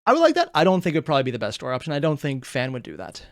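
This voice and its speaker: Lively, thinking-aloud male reaction host. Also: fairly high pitch, racing, no echo, clean studio sound. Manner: rambling, thinks aloud with restarts. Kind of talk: casual reaction commentary.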